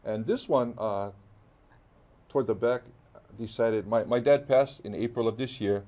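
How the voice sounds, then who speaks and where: A man's voice: mid-range voice, unhurried, warm tone. A middle-aged man from Hawaii with a Hawaiian accent, animatedly telling stories in a casual interview and acting out the dialogue. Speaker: guest artist.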